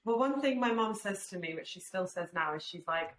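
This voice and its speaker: A young woman with a low voice speaks earnestly and reflectively, with frequent fillers and restarts. She is recorded in an echoey room with faint background noise. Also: lively intonation, fairly quick, hardly any pauses. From Albanian family, raised in UK. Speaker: guest, swimwear brand founder. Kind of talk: casual podcast chat.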